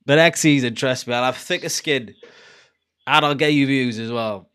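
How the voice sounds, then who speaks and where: A man's voice: mid-range voice, normal speed, fairly bright tone, smooth. A man from Cardiff with a Welsh accent, hosting a live football watchalong and chatting casually to his viewers. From Wales, Cardiff. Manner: chatty, sweary, laughing between rants. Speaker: livestream host.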